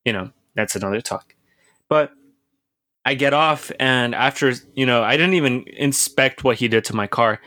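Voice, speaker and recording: Young guy, bright and dry close-mic sound, rambling storyteller who swears freely. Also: mid-range voice, normal speed, no room sound. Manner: profane, rambling, lots of restarts and filler words. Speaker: podcast co-host telling a story. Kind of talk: casual storytelling chat.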